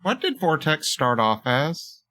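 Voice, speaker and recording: A man's voice: a little high, big pitch swings, measured pace, pushed and bright, low-quality recording. A man co-hosting a podcast in casual chat, hesitant, with many ums and short agreements. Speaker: podcast co-host. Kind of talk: casual chat about tabletop games.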